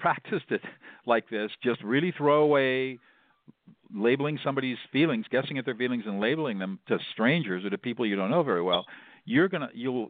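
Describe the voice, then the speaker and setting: A low-pitched middle-aged man speaks in an earnest, explanatory way, often repeating words as he restarts his sentences. The sound is dry and narrow, like a phone line. He is a mediator answering interview questions. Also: no room sound. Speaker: mediator, guest.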